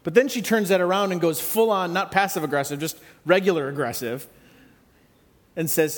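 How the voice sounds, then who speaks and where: A man preaching a sermon in a conversational, reflective way with gentle humor. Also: high voice, moderate pace, long reverb tail. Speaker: pastor.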